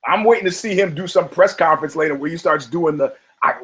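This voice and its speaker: Male podcast host, slightly high, chatty and profane, laughs constantly. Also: fast, a bit bright, low-quality recording. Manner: rambling, profane, laughs often between phrases. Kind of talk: casual podcast banter about fighting.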